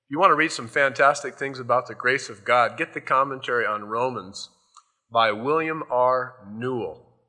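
A man's voice: medium pitch, normal speed, sharp tone. A male pastor giving a sermon in a loose, conversational storytelling way, often adding "you know".

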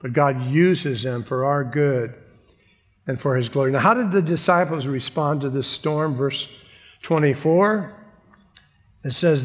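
A man's voice: on the high side, unhurried, long reverb tail. A male pastor preaching a sermon in an emphatic, conversational way.

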